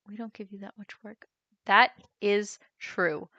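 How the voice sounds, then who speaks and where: A young woman from the United States, a streamer chatting casually, reading out chat and reacting with quick laughs. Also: medium pitch, steady tone, bright, forceful tone, dry recording, dull audio. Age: young adult.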